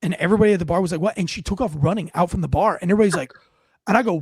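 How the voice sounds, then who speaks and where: High-voiced man telling rambling stories. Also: very fast, slightly rough, no room sound. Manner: rambling storyteller, swears freely, acts out quotes. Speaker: host, former police officer. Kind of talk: casual livestream chat.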